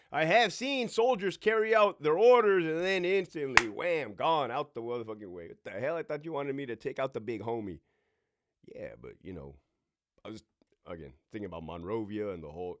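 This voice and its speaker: A man's voice: high-pitched, fairly bright tone. A man in his forties, a former prison officer, hosting a casual, profane storytime monologue with sound effects and asides to himself. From California.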